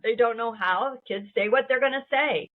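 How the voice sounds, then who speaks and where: Give me a reflective woman co-host on a tinny phone-like line. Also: a little high. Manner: reflective, draws out key words slowly. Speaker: podcast co-host. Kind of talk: casual conversation.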